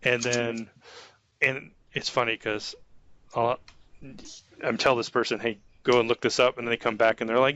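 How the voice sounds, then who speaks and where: A man who manages an IT staff, talking informally about soft skills and acting out example conversations with a light chuckle. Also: mid-range voice, steady tone, normal speed, dry recording, highs cut off. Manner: conversational, acts out example dialogues, chuckles often. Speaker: IT manager giving career advice.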